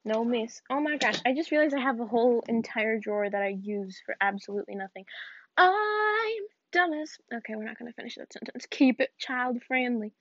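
A young Southern woman vlogs casually while tidying up, rambling with giggly, self-mocking asides. Her high-ish voice is fairly even and quick with few pauses, captured on a dull, dry lo-fi recording.

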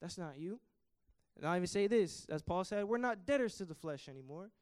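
A young man preaches to a youth service with fervent energy, his voice pitched high and ringing clear. His delivery surges in volume whenever he quotes scripture. The sound is close and dry, with little room echo. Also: animated, fairly quick, a little mellow. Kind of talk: sermon. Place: church.

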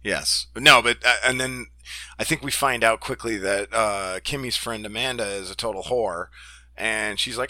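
A man's voice: fairly low pitch, moderate pace, bright, forceful tone, dry recording. A young man co-hosting a podcast in casual chat, laughing often and acting out quotes. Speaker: podcast co-host.

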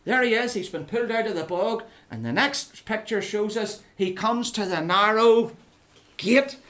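A preacher tells a story to a group of children. The delivery is lively and playful, with questions put to the young listeners all the way through. The voice sits at an ordinary middle pitch. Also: normal speed. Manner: playful, animated, keeps asking the children questions. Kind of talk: children's Bible story talk.

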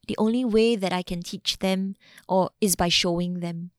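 Animated Singaporean woman, dry studio mic. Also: fairly low pitch, normal speed, no echo. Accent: Singaporean English. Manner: animated storytelling, acts out quotes. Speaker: podcast guest. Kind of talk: casual podcast conversation.

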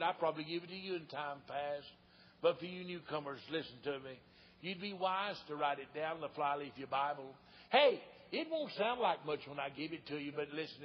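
Husky folksy southern evangelist man. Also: sits high. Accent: Southern US, East Tennessee. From East Tennessee, US. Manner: folksy storytelling, swelling to shouts. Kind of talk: old-time revival sermon. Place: church sanctuary. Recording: dull lo-fi church recording with long reverb.

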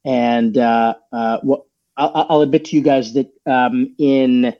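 A man's voice: mid-range voice, steady tone, takes it slowly, dull audio. A man, a podcast guest, chatting casually and rambling with many fillers and restarts.

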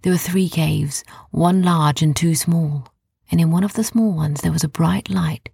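A woman softly narrating a children's bedtime story in a hushed storytelling voice. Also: sits low, unhurried, vocal fry, husky, no echo, clean studio sound.

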